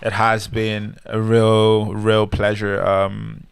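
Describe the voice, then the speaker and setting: Male co-host, earnest and hesitant, low smooth voice, dry close sound. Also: completely flat delivery, takes it slowly, no room sound. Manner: earnest, hesitant with many ums. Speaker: podcast co-host. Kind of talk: casual chat.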